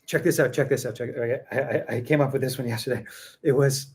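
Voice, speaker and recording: A man's voice: mid-range voice, a little mellow. A man hosting a casual tea tasting chat, rambling and repeating himself for emphasis. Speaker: tea seller and show host.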